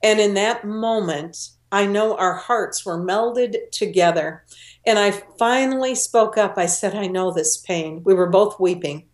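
An older woman speaks as an interview guest, earnest and openly emotional. She slows her words down to lean on key moments. Her voice carries a noticeable room echo. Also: medium pitch. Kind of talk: personal storytelling interview. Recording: roomy echo.

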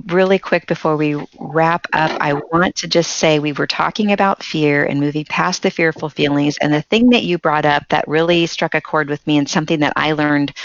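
Low-voiced woman podcast host. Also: no room sound, muffled recording. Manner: affirming listener, gives frequent short agreements. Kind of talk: podcast interview.

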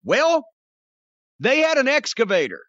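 An older man rants on a podcast in a high, bright voice, swearing freely and sarcastic throughout. The sound is dry and a little dull, close and without room echo. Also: huge pitch swings, a little slow. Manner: profane, ranting, sarcastic storyteller. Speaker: podcast host. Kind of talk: casual podcast rant.

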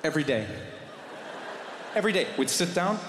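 A man doing stand-up comedy on a large theatre stage, telling a story in an animated, vivid way. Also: a little high, a little fast, noisy background. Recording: reverberant theatre with audience.

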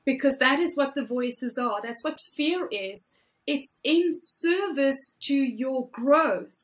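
Woman, 40s, high voice, unhurried, emphatic motivational coach. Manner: emphatic, animated, drawn-out phrasing. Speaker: guest, fear coach. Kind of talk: motivational interview talk.

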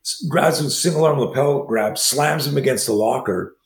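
A man in his sixties who teaches martial arts, telling stories as an interview guest and acting out the dialogue in quick, animated bursts. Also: mid-range voice. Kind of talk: storytelling in a conversation. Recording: roomy echo.

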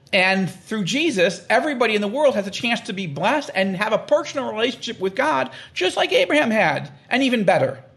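A man explaining the Bible in an interview, emphatic and animated, acting out quoted voices and repeating phrases for stress. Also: high voice, creaky. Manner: animated, acts out quoted prayers and God's words. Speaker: guest explaining scripture. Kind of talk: conversational interview.

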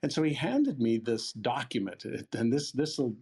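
A man's voice: mid-range voice, moderate pace, slightly rough. A man in his sixties telling a long personal story in an interview, acting out the dialogue with a casual, blunt manner. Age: 60s. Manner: lively retelling, acting out quoted dialogue, casual swearing. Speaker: interview guest. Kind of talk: storytelling in a conversation.

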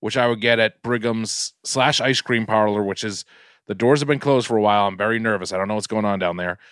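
A man hosting a podcast, telling casual stories with lively swearing. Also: fairly low pitch, fairly quick, clean tone, dry recording, clean studio sound. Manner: animated, swearing storyteller. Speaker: podcast host. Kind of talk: casual chat.

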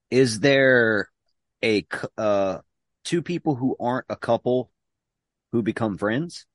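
A man's voice: mid-range voice, slow, dry recording. A man hosting a podcast in casual chat, laid-back and joking as he introduces a game. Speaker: podcast host.

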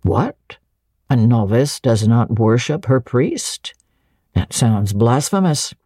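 A woman voicing a brusque, commanding middle-aged gentleman who questions curtly and gives orders. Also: a bass voice, very animated, slow pace, no echo, clean studio sound, exaggerated voice. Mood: imperious. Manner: curt, imperious questioning.

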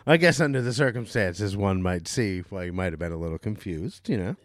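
A man hosting a podcast, asking easygoing, halting questions with some fillers in a casual interview. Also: low voice, animated, no room sound. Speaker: podcast host.

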